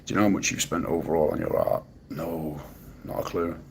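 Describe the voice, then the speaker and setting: A man's voice: a bass voice, sing-song, a little fast, creaky, a little mellow, a little hiss or hum. A man with a Manchester accent, chatting casually on a livestream and answering his chat with dry sarcasm. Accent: Mancunian. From Manchester, England. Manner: laid-back, dry and sarcastic, swears casually. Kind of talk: casual live-stream chat.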